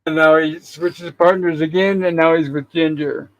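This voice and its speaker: A man's voice: fairly high pitch, fairly even intonation, normal speed, rough recording. A man hosting a casual show, retelling an episode's scenes in an easygoing way and reading characters' lines aloud. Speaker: host.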